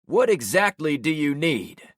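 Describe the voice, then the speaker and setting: A man voicing a pushy, suspicious male store boss with a thick Florida drawl, talking in loud, pressing questions. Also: on the high side, sing-song, a little slow, no echo, clean studio sound, voice pushed up. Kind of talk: audiobook character voice.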